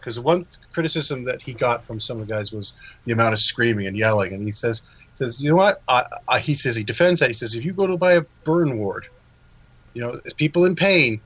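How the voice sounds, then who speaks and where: A man's voice: mid-range voice, animated, fairly quick, a bit bright, slight background noise, low-quality recording. A man co-hosting a podcast, chatting casually about a film, laughing often and acting out quotes.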